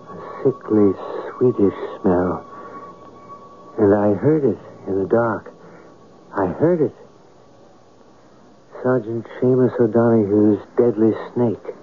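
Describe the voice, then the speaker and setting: Brief: writer telling his own story in a radio play, slow and measured, phone-thin lo-fi audio. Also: fairly low pitch. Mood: narrating. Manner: measured storytelling, wry and evasive in talk. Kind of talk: 1970s radio drama acting. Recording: lo-fi old radio broadcast with faint hiss.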